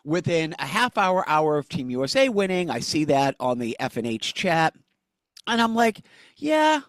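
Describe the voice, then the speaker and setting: A man's voice: on the high side, very animated, moderate pace, a bit bright, dry recording. A man co-hosting a podcast in casual chat, joking and teasing his co-host.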